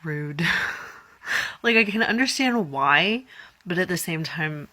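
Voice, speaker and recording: A woman's voice: lowish voice, lively intonation, slow, pushed and bright, no room sound. A woman in her twenties chatting through a casual reaction vlog, dramatic and giggly, and tired. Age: 20s. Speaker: vlogger.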